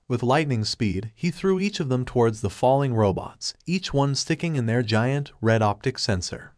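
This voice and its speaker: A man narrating a fan-fiction story in an even, scripted reading voice, with little change for the characters. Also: medium pitch, no room sound, clean studio sound.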